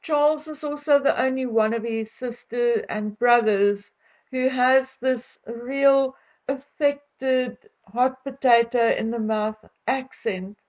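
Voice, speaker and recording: A woman's voice: on the high side, a little mellow, rough recording. An older South African woman chatting casually to her viewers, opinionated and chatty, often laughing between remarks. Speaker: vlogger.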